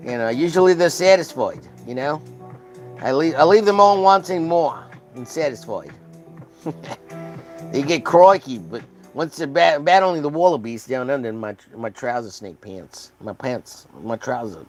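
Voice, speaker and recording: A man from Texas chatting casually with his live chat while drawing, rambling and joking crudely. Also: medium pitch. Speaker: streamer.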